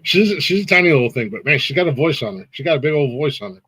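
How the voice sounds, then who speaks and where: A man's voice: on the high side, big pitch swings, quick pace, fairly bright tone, breathy edge, dry recording. A man hosting a casual live-stream interview, laid-back and laughing often, with lots of restarts and fillers. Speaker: podcast host.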